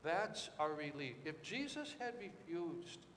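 A man preaching a sermon with dramatic swings, rising to shouted quotes and dropping low and quiet. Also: sing-song, slow pace, echoey room, long reverb tail, slight background noise.

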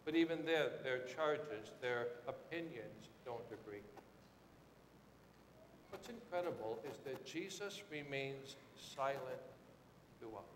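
A man preaching a sermon with dramatic swings, rising to shouted quotes and dropping low and quiet. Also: lively intonation, slow pace, long pauses, echoey room, in a large hall, a little hiss or hum.

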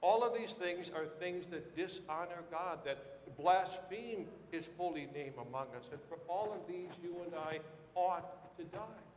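Man preaching, slow deliberate delivery, high voice, roomy reverberant hall. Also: slight background noise. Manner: dramatic, rising to shouted quotes and dropping to quiet. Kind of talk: sermon.

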